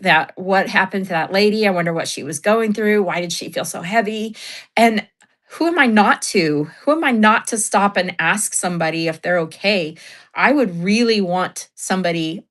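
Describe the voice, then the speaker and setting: A woman's voice: medium pitch, fairly bright tone. Chatty woman livestreamer, laughing often. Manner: chatty storyteller, laughs often, reads chat aloud. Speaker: livestream host. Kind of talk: casual livestream chat.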